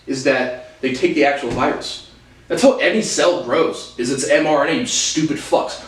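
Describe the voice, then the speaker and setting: A man delivering an angry, profanity-filled rant to his viewers, hurling insults and repeating himself as he restarts phrases. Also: on the high side. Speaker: video host. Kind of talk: ranting monologue to camera. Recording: roomy sound from a distant mic.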